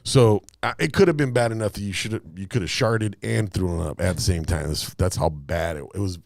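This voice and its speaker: A man's voice: low voice, a little fast, gravelly, dry recording, studio quality. A man co-hosting a podcast, telling a story in a casual, profane way and acting out other people's lines. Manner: animated, profane, acts out quotes. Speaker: podcast co-host.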